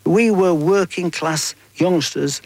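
A man's voice: sits high, slow, a little mellow, no room sound. An older man recalling past events in a plain, matter-of-fact way in an archive interview. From Manchester area, England. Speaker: archive interviewee, former organiser. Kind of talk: recorded reminiscence.

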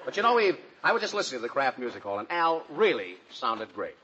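A man hosting a 1940s radio comedy show, boastful and wisecracking with quick comebacks. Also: medium pitch, big pitch swings, sharp tone. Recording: dull old radio broadcast with hiss.

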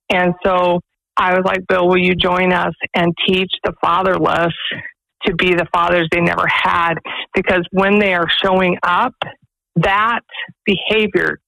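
An earnest woman tells stories as a radio interview guest. She leads a faith-based pregnancy center and talks in an animated, storytelling way. The studio sound is dry and close. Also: lowish voice, creaky, no echo, low-quality recording. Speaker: executive director of a pregnancy resource center.

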